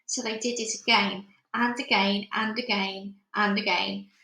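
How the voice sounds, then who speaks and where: A woman reading a children's book aloud with lively, expressive storytelling, in an echoey room. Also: mid-range voice, unhurried.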